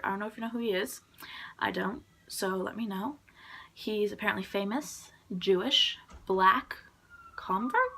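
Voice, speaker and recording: Bright-voiced young woman rambling to camera. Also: mid-range voice. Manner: rambling, filler-heavy, giggly. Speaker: vlogger. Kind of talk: casual chat to camera. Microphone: phone or camera propped on a suitcase.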